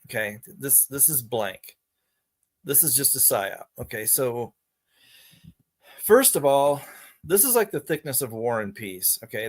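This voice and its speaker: A man talking to his audience in a rambling, exasperated way, restarting his sentences as he goes. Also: a little high. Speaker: vlogger. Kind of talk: casual monologue to camera.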